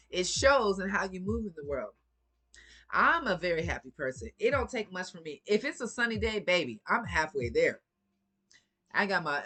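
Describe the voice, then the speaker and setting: A woman's voice: lowish voice, a bit bright. A woman giving a casual motivational talk to her viewers, sassy and preachy, laughing often and swearing freely. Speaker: vlogger.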